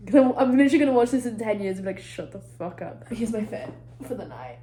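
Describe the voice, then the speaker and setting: A woman's voice: fairly high pitch, expressive, fast, mellow, a little hiss or hum. A young woman with a British accent vlogging from a resort hotel room, rambling and self-mocking, sounding congested. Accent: British English. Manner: chatty, self-mocking, swears casually. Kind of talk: casual rambling vlog talk. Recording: echoey room with faint ambience.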